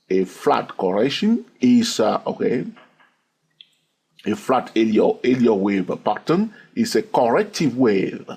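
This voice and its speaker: A man's voice: medium pitch, darkish tone, husky. A man teaching a chart-reading lesson, who keeps checking in with his listeners and counts the waves aloud. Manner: checks in constantly with "okay?" and "yes or no?". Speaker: trading instructor.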